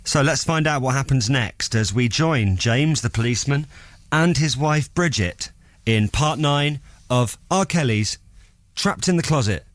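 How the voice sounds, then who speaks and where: A man's voice: mid-range voice, expressive, unhurried, a bit bright, no echo. A man hosting a radio show in a studio, chatting in a jokey, teasing way. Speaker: radio host. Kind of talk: playful radio chat. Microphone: studio microphone.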